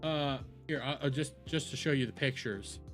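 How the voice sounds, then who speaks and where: A man's voice: mid-range voice, normal speed, a bit bright, soft background music. A young adult man giving profane, rambling reaction commentary as a video host.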